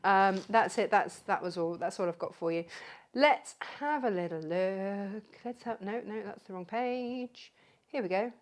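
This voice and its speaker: A woman's voice: medium pitch, a little slow. Woman, live craft show host; talkative, rambling, friendly roll-call of viewers. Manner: chatty and rambling, greets viewers by name. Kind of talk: live craft demonstration chat.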